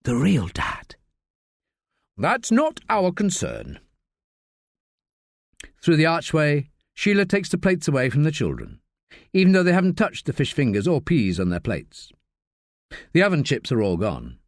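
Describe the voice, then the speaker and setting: Expressive male audiobook narrator. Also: on the high side, no echo, clean studio sound. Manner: expressive, measured storytelling.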